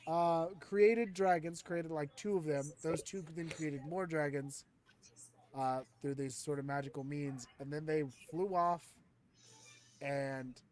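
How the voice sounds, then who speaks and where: A man's voice: on the high side, fairly even intonation, measured pace. A man acting as game master in a casual session chat, laid-back and joking, swearing freely.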